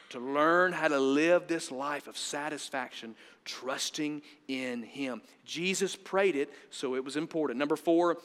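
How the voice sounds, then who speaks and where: Bright-voiced preacher man in a reverberant hall. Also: fairly high pitch. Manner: emphatic preaching with swings from loud to hushed. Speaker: pastor. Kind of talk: sermon.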